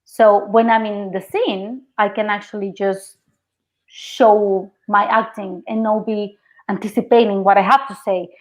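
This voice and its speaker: Young actress, Mexican accent, native Spanish speaker, animated storyteller, mid pitch. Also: female voice, unhurried. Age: young adult. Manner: lively storytelling, quoting others, laughing often. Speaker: actress, guest. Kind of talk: casual interview chat.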